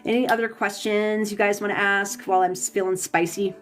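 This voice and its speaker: A woman's voice: mid-range voice, steady tone, brisk. Heated woman ranting on her tarot livestream, swears a lot, trips over her words, faint music behind. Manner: heated, profane, frequent restarts. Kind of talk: livestream chat answering comments. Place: home, Pacific time zone.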